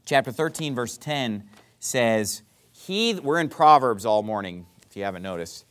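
A male pastor preaching a sermon to his congregation, asking rhetorical questions and dropping his voice softly to act out apologies. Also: lively intonation, a little slow. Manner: drops to a soft low voice to act out apologies.

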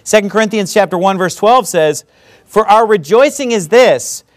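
A man preaching a sermon in church, animated and mocking, with frequent laughing asides. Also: sits high, moderate pace. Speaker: pastor.

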